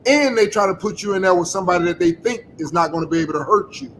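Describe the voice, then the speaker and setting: A man with a high-pitched voice, speaking on a casual panel in an emphatic, preachy way. He repeats his points for weight and swears freely. Faint background noise runs under his voice. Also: expressive, racing, a bit bright. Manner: emphatic, preachy advice, profane.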